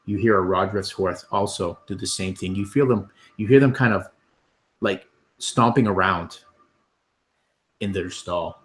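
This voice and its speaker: A man's voice: deep voice, unhurried, long pauses. A man narrating scenes as game master of a tabletop game, with many ums and restarts.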